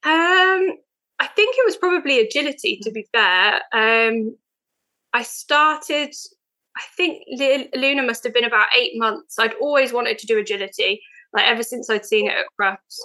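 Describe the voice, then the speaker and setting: A woman's voice: fairly high pitch, moderate pace, bright, forceful tone, poor audio. A young woman, a podcast guest chatting eagerly with lots of fillers. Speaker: guest, veterinary nurse. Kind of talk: casual podcast chat.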